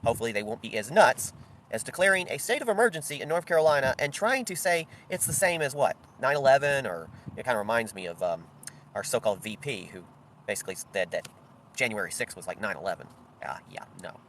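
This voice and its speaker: A man's voice: mid-range voice, lively intonation, quick pace, fairly bright tone, slight background noise. A middle-aged man giving solo political commentary, blunt and sarcastic in tone.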